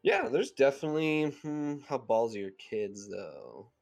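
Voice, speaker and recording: A man's voice: medium pitch, very animated, a little slow, creaky, a little mellow, soft background music. A man narrating a tabletop game as game master, loose and hesitant, with lots of filler words.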